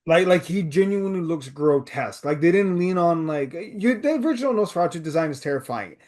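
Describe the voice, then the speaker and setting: Blunt, slightly high-voiced podcast man. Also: lively intonation, a little fast, darkish tone. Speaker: podcast co-host. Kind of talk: casual film review chat.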